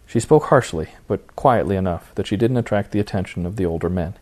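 Man narrating a novel, low and warm. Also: brisk. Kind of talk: audiobook narration.

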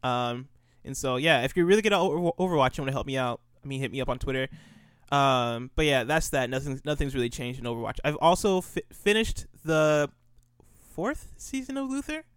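Young male podcast co-host: smooth voice, rambling, easy laughs. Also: mid-range voice, animated, brisk, a bit bright, dry recording, clean studio sound. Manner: rambling, restarts often, laughs easily. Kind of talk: casual podcast chat.

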